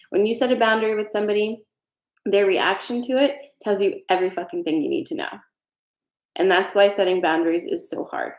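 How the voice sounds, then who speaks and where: A woman's voice: fairly low pitch, a little mellow. A woman hosting a casual live talk, speaking frankly and chattily, swearing freely and reading out viewer comments. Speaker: host. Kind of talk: casual live talk about self-care. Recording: roomy echo.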